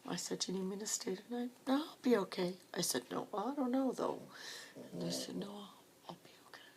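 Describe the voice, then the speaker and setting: Woman, gravelly voice, hushed personal storytelling, often whispering, faint background noise. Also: mid-range voice, moderate pace. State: tearful. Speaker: grief support volunteer.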